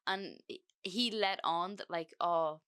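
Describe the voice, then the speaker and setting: A young woman hosts her own podcast and tells a personal story straight into the mic. Her voice sits a little low for a woman. She talks casually and swears freely, with "like" in almost every sentence. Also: steady tone, normal speed, bright, forceful tone. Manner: chatty, sweary, lots of "like" fillers. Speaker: podcast host.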